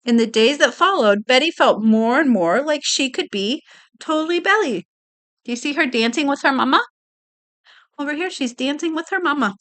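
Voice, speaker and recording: A woman reading a picture book aloud to a child, slowly and expressively, pausing to point out the pictures. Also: high voice. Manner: slow, expressive, doing voices and pointing out pictures.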